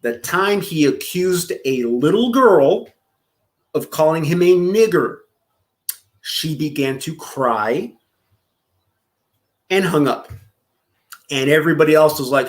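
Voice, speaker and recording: A man's voice: fairly high pitch, animated, measured pace, pauses often. A man streaming casual reaction commentary, profane and mocking, often breaking into laughter.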